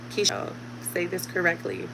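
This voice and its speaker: Chatty mom in her 30s talking to her viewers from home, lowish voice, a little background hum. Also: creaky. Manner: chatty, talks directly to viewers. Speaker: vlogger. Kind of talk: casual chat to camera.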